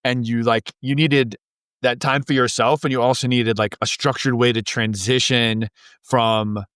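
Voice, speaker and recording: A man's voice: medium pitch, steady tone, a little slow, fairly bright tone, clear, resonant tone, no room sound, studio quality. A man hosting a podcast, asking long, rambling questions full of restarts. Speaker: podcast host. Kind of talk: casual interview.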